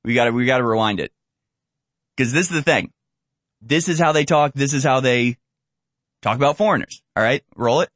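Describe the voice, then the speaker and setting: A man hosting a casual political commentary over video clips, talking in an animated way and mockingly acting out the voices he quotes. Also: medium pitch, fairly quick, long pauses, no room sound. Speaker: commentary show host.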